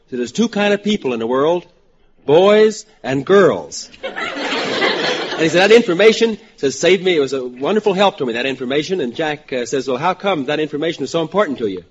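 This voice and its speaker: A man with a West Virginia accent pitching jokes on a radio panel, chuckling through his lines with an up-and-down lilt. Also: expressive, brisk, a little hiss or hum. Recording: muffled old radio broadcast with studio audience. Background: studio audience laughter.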